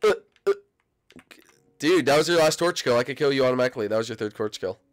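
A man hosting a gaming video, commentating live gameplay, excitable and breaking into shrill squeals. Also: quick pace, clean tone.

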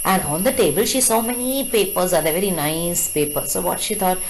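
A woman teacher reading and retelling a story to students, pausing to explain words and ask the class questions. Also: lowish voice, a little hiss or hum, poor audio.

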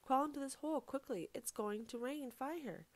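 A woman's voice: mid-range voice, fairly even intonation, moderate pace, close to an everyday voice. A woman storyteller voicing a sly, scheming male guinea pig trickster in a folk tale. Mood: urgent.

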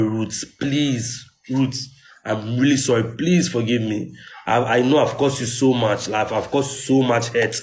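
A man, halting and repetitive, pleading on a live video. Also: medium pitch.

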